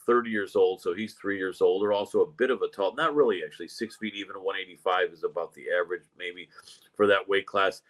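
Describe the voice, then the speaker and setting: Low-voiced, jokey podcast host. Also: male voice, a bit bright, rough recording. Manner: chatty, jokey, runs through fight cards. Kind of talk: casual MMA podcast chat.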